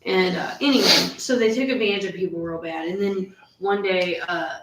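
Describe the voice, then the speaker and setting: A woman's voice: fairly low pitch, moderate pace, reverberant, distant mic, very noisy. A woman in casual chat, telling a rambling story full of fillers and asides.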